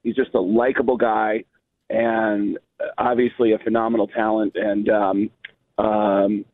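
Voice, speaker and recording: A man's voice: on the low side, little pitch movement, a little slow. Man, middle-aged, rambling storyteller, heavy fillers, phone-line sound. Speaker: comedian guest. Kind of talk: casual radio phone chat.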